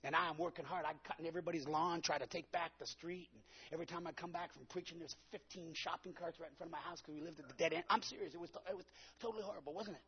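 Preacher guy, super husky gravelly voice, a bit high, acting out his story, kinda muffled lo-fi sound. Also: very fast, few pauses. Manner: dramatic storytelling, acting out his own quotes. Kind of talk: sermon.

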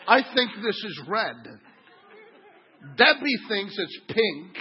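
Pastor, man in his fifties, high lively husky voice, sermon on a dull lo-fi recording. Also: takes it slowly, some chatter behind. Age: 50s. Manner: animated, swings from quiet asides to loud exclaiming.

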